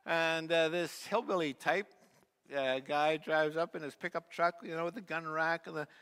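Pastor preaching in a reverberant hall. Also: male voice, a little high, steady tone, moderate pace, clean tone. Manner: storytelling with many fillers and restarts; drops to a soft, quiet voice at key points. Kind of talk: sermon. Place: church sanctuary. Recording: long reverb of a church hall.

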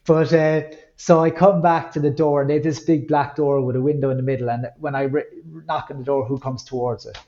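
A man's voice: mid-range voice, a little fast, few pauses, highs cut off. A middle-aged Irish man from Ireland, a guest candidly telling his personal story in an interview, acting out quotes now and then. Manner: candid, reflective, with lively acted-out quotes.

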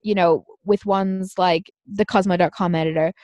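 A woman's voice: lowish voice, fairly even intonation, moderate pace, a little mellow, no echo. A young woman co-hosting a podcast, enthusiastically recommending things with many "um"s and "like"s. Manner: enthusiastic, filler-heavy recommending. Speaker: podcast co-host. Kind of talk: casual podcast chat.

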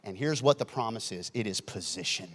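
A man preaching a sermon as pastor, acting out stories with sudden shouts and then dropping soft. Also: lowish voice, lively intonation, brisk. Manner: dramatic, shouts and acts out stories, swings loud to soft. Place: large church hall. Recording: long hall reverb.

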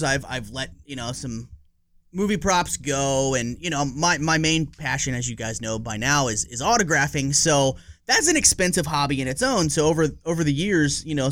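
A man's voice: medium pitch, a bit bright, dry recording. A man in his forties co-hosting a podcast, chatting casually in a rambling, profane way and laughing easily. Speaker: podcast co-host. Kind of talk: casual chat.

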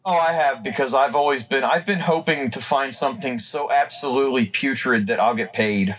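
A man's voice: mid-range voice, brisk, a bit bright, slight background noise, rough recording. A man co-hosting a podcast, rambling through crude jokes in casual chat and laughing often. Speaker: podcast co-host.

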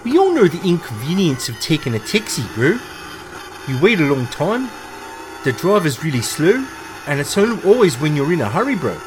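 Brash Kiwi taxi ad guy, put on by a man, salesy, pitched a touch high. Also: very animated, moderate pace, noisy background. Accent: put-on New Zealand. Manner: brash, salesy, keeps saying bro. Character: pushy male Kiwi taxi company announcer.

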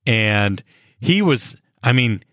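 An enthusiastic man co-hosting a casual podcast, quick to agree with the others. His pitch is very lively, and the recording is dry and close. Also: no room sound. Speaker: podcast co-host. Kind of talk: casual chat.

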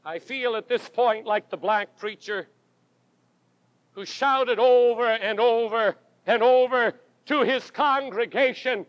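A man's voice: very high voice, slow, no echo. A man preaching a sermon from a church pulpit, with dramatic, rhythmic delivery and emphatic refrains. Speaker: pastor. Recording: dull lo-fi 1980s tape recording.

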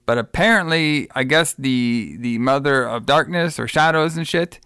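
A man's voice: medium pitch, normal speed, sharp tone, smooth, no echo, studio quality. A man co-hosting a podcast, retelling a film plot in a rambling, profane, casual way. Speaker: podcast co-host. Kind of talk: casual film review chat.

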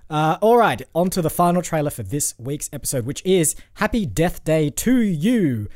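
A man hosting a casual film podcast, easygoing and quick to agree with his co-host. His tone is mellow and dark, recorded dry and close. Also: a little high, big pitch swings, no echo. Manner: easygoing, agrees a lot, fillers. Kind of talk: casual film review chat.

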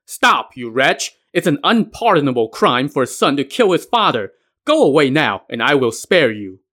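A man voicing a stern young male Taoist who shouts rebukes, in a podcast myth retelling. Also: fairly high pitch, lively intonation, normal speed. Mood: urgent.

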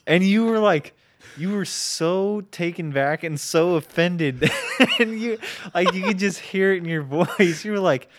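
A man in casual conversation who speaks slowly in a slightly raised voice. He draws out his words and keeps breaking into laughter while he retells a story. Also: high-pitched.

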